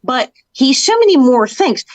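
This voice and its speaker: A woman co-hosting a podcast, introducing a guest with enthusiastic, quick storytelling in a casual chat. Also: high-pitched, very animated, no echo, low-quality recording. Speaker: podcast co-host.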